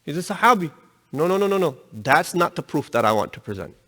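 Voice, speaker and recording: A man giving a religious lecture, telling a story in an animated way and raising his voice to stress his points. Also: on the high side, brisk. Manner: animated storytelling, voice rising with emphasis. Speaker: religious teacher. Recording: long reverb in a hall.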